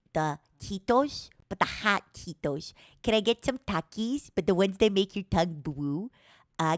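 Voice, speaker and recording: A woman streamer chatting playfully, teasing her viewers as honey and swinging between loud mock-dramatic outbursts and soft murmurs. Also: fairly low pitch, no room sound, clean studio sound. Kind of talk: playful solo stream chat.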